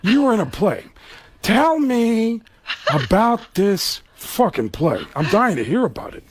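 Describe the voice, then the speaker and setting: A man's voice: high voice, sing-song, measured pace, noisy background, pitched above the performer's own voice. A man doing an impression of a weary, sarcastic older male movie star with a menacing drawl. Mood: sneering.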